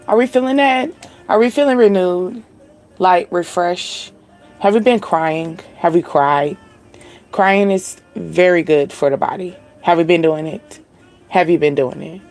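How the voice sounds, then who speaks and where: A woman's voice: mid-range voice, a little mellow. A young woman hosting a spiritual channel, giving a casual live-stream reading in a chatty, laid-back way with frequent laughter.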